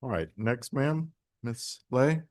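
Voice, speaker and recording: A man chairing a public hearing, calling speakers in a brisk, procedural way. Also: mid-range voice, lively intonation, darkish tone, no echo, clean studio sound. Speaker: committee chair.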